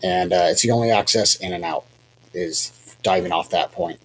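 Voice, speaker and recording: Deep-voiced man telling a rambling hunt story. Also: normal speed, a little hiss or hum, rough recording. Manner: rambling, self-deprecating, many fillers and restarts. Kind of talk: casual storytelling on a podcast.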